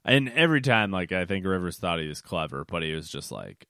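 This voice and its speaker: Low-voiced man rambling about a concert. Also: sing-song, brisk, pushed and bright, clear, resonant tone, no echo, studio quality. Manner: rambling, with many restarts and fillers; records late at night, yawning. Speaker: podcast host. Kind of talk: casual solo podcast monologue.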